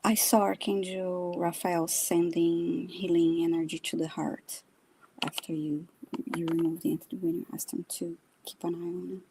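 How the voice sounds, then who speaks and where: A woman co-hosting a live psychic session, speaking quietly and hesitantly. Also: on the low side, little pitch movement, normal speed, vocal fry, breathy edge. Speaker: co-host and psychic reader. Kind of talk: casual live-stream chat.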